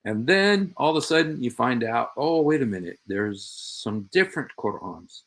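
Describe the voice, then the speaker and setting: Male host, mid pitch, pointed and sarcastic, talks straight at an absent rival. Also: animated, normal speed. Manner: sarcastic, repeats quoted phrases pointedly; emphatic, addresses an absent opponent directly. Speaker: show host. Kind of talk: commentary on played clips.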